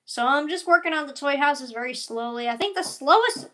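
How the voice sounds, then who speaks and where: A woman's voice: high voice, animated, brisk, pushed and bright. A young woman chatting casually in a rambling vlog, full of fillers and side tangents, yawning now and then. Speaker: animator and voice actor.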